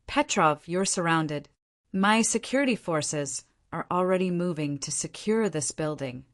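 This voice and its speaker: A woman's voice: fairly low pitch, animated, measured pace. A woman reading the lines of a stern, grim female army general. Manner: grim, curt.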